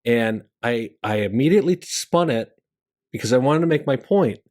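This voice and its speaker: A middle-aged man, a stand-up comedian and show host, telling stories about the craft in a conversational monologue that leaps up in pitch for punchlines. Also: normal speed. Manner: animated storyteller who jumps high in pitch for punchlines; conversational, with fillers and restarts.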